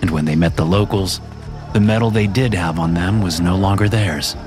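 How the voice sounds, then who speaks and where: Guy reading a scary story, deep-ish voice, steady and even, music under it. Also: moderate pace. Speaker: story narrator. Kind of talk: scripted horror story narration. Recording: music playing behind.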